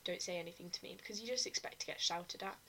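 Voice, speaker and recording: A woman's voice: on the low side, fast talker, slight background noise, poor audio. A young woman co-hosting a podcast, telling stories animatedly in casual chat and swearing often. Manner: animated storytelling, frequent swearing. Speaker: podcast co-host.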